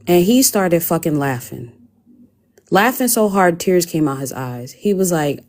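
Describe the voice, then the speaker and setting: A woman's voice: mid-range voice, normal speed. A woman co-hosting a casual talk show, telling stories animatedly with sudden swings in her voice. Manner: animated storyteller, wide swings into mock voices. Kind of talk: casual storytelling chat.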